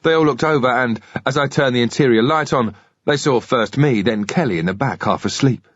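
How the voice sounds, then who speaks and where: A man narrating a thriller audiobook in the first person, in a steady, measured way. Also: mid-range voice, slightly rough, dry recording, highs cut off.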